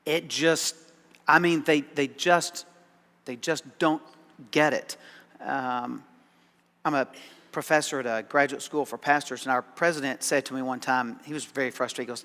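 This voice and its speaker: A man's voice: mid-range voice, steady tone, moderate pace, a bit bright, long reverb tail. A man preaching a sermon as pastor, conversational and dryly sarcastic, often repeating words as he starts a thought. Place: church sanctuary.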